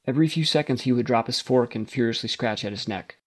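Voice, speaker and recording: A man's voice: medium pitch, fast talker. A man reading a satirical story aloud, narrating steadily and lifting his voice for the characters' dialogue.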